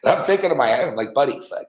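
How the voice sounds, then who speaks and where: A man's voice: fairly high pitch, expressive, a little fast. A man hosting a podcast, telling a story in a loose, profane way and laughing often as he goes. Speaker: podcast host. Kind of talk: casual storytelling. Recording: echoey room.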